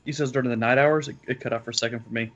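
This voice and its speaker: A man's voice: mid-range voice, fairly even intonation, very fast, a bit bright, lo-fi sound. A man playing a tabletop fantasy game, casual and eager, joking about his character's nosiness. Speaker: player.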